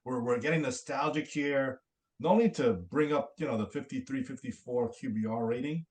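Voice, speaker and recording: A man's voice: mid-range voice, moderate pace. A man co-hosting a casual sports podcast, talking in a laid-back, nostalgic way and stammering as he starts his sentences. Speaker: podcast co-host.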